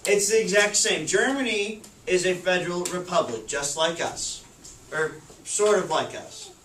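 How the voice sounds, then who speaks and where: High-voiced male teacher in an echoey classroom. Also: a little slow, a bit bright, recorded from a distance, a little hiss or hum. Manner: asks the class questions and repeats answers. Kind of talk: classroom lesson. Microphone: far camera.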